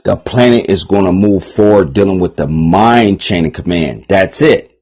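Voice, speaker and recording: A man's voice: low voice, moderate pace, darkish tone, rough recording. A man giving a rambling, heated, profane monologue on his channel, repeating himself and swearing often. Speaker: channel host.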